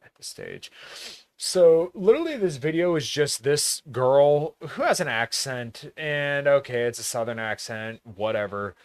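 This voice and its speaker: A man's voice: medium pitch, lively intonation, measured pace, no room sound, studio quality. A man from rural Pennsylvania hosting a podcast in a blunt, profane, casual monologue, laughing often. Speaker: podcast host.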